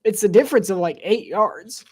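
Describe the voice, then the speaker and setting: A congested woman doing casual live play-by-play of a football game, chatty and quick to laugh. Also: mid-range voice, expressive, a little mellow, slightly rough. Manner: chatty, giggly, easily distracted.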